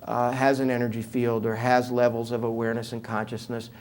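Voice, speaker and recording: A man's voice: medium pitch, monotone, a little fast, a little mellow. A man in his seventies with a New York accent, telling humorous stories as an interview guest. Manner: humorous storyteller, conversational with fillers. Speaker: author and guest speaker. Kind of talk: interview talk, anecdotal.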